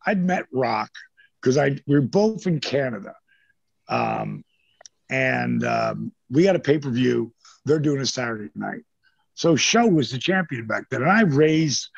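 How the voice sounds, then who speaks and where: Older male guest, raspy, bone-dry close sound, lively anecdotes full of profanity and quoted voices. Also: medium pitch, a little slow, dry recording. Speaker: interview guest, former wrestler. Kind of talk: casual storytelling. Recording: dull lo-fi sound.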